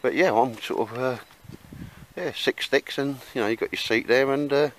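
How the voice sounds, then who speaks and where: A man's voice: medium pitch, normal speed, a bit bright, a little hiss or hum, rough recording. A man chatting casually in a rambling way with lots of fillers while he shows his camp gear outdoors in the woods. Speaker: bushcraft vlogger.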